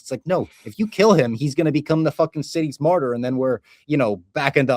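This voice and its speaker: A man's voice: on the high side, animated, fast talker, few pauses, darkish tone, no room sound, clean studio sound. A man co-hosting a podcast, recapping TV episodes in casual chat, enthusiastic and laughing often. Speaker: podcast co-host.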